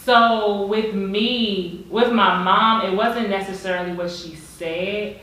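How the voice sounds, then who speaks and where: Animated young woman in echoey room. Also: mid-range voice, slow pace. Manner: animated storytelling, laughs often. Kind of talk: casual group discussion. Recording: echoey room, mic far off.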